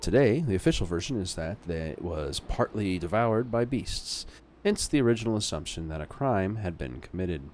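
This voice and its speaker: A man's voice: sits low, expressive, moderate pace, darkish tone, slight background noise. A man doing a formal male TV newscaster voice, reading in a stiff, announcer-like way.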